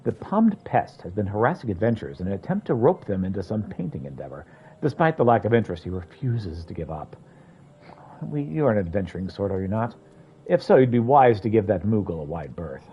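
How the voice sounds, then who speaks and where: A stern older matron speaks in a put-on American Southern drawl, prim and formal as she scolds, with a man putting on her voice. The voice sits low and warm, its pitch swinging widely between phrases. The recording sounds dull and lo-fi, like stream audio. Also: big pitch swings, brisk, husky, exaggerated voice.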